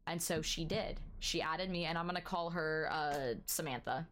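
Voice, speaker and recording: A woman co-hosting a podcast, telling a story in a casual, animated way and filling her speech with "like". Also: low voice, normal speed, a little hiss or hum. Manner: animated storyteller, heavy use of "like", acts out dialogue. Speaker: podcast co-host.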